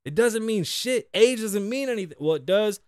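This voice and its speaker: A man in his thirties talks through his solo podcast in a loose, profane, joking way. His voice sits high for a man and leaps up and down with every riff. The sound is dry and close, with no room around it. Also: lively intonation, normal speed, a little mellow, clean tone, dry recording. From United States. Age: 30s. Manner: loose, profane, joking rants with big swings. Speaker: podcast host. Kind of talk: casual solo podcast chat.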